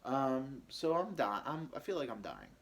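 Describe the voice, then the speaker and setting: Podcaster, male, mid-pitched; halting, rambling first-person storytelling. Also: very animated, a bit bright, a little hiss or hum. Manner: rambling, halting, many fillers and restarts. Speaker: podcast host telling his own story.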